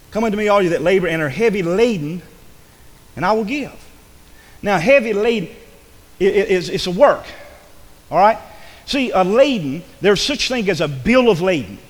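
A man preaching a sermon in church, swinging between loud, emphatic passages and hushed ones. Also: sits high, big-room sound. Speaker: pastor.

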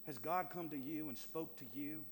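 A man preaching a sermon as pastor, calling out to the church and building to loud, rising appeals. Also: fairly high pitch, fairly even intonation, moderate pace, long reverb tail, slight background noise.

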